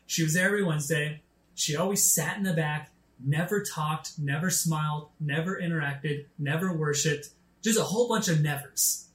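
A man preaching a sermon, telling a story from his youth pastor days and acting out the dialogue with lively energy. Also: normal speed, roomy sound. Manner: animated, acts out quoted dialogue with rising pitch.

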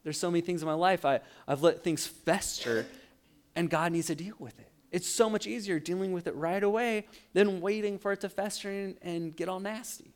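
A man preaches a sermon in a casual, animated way, telling stories and laughing along. His voice sits a little higher than most men's. He sounds like a young adult pastor talking easily with his congregation. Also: smooth.

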